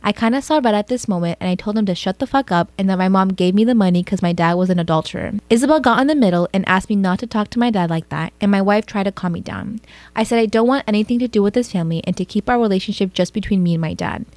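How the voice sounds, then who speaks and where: A woman's voice: medium pitch, quick pace, a little mellow, no room sound. A woman reading posts aloud in a storytime vlog, breaking in with blunt, sweary comments. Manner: blunt, swears freely in reactions. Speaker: storytime vlogger.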